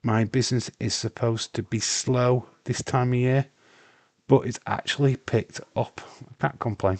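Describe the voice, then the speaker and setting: A man with a Yorkshire accent chats slowly and loosely on a live stream, reading out viewers' messages and stumbling into restarts. He swears freely. The mic sound is close and dry, with no room around it. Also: mid-range voice, steady tone, vocal fry, dry recording. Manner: swears freely, reads chat aloud, rambling with restarts. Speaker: livestream host. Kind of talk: casual live watch-along chat.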